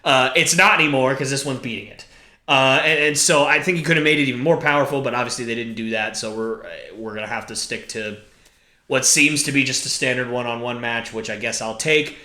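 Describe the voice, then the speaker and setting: A man's voice: mid-range voice, a little fast, sharp tone, echoey room. A man co-hosting a podcast, chatting casually about wrestling in a rambling way, often hedging and correcting himself. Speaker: podcast co-host.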